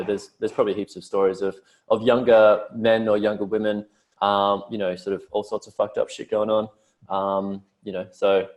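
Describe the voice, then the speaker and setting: A young Australian man in his twenties, a podcast guest chatting casually, swearing and mimicking mates in a broad voice. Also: lowish voice. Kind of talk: casual interview chat.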